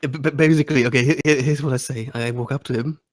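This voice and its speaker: A man playing a tabletop game, stammering and excitable as he describes his moves. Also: medium pitch, racing, dry recording. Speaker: player. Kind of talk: casual tabletop play.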